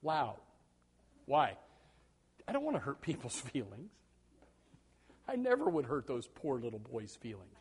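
A male pastor with a mid-range voice and wildly swooping pitch preaches at a moderate pace, pausing often. His folksy, joking sermon moves between soft asides and loud shouted bursts, and he tends to repeat words when starting a thought.

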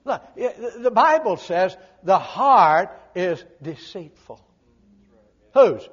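An older man preaching a humorous, folksy sermon, swinging from loud emphatic lines to quiet low asides. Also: big pitch swings, slow pace, lo-fi sound.

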